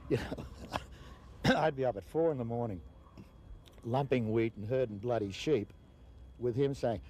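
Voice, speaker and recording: Animated older Australian man telling stories. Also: mid-range voice, moderate pace, pauses often, a little hiss or hum. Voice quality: animated storyteller who laughs and mimics voices. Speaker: actor. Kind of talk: interview.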